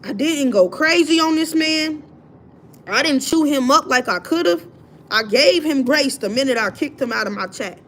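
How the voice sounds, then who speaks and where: A woman hosting her own livestream, telling a story in an indignant, animated way. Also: high-pitched, normal speed, slight background noise. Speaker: livestream host. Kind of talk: casual livestream rant.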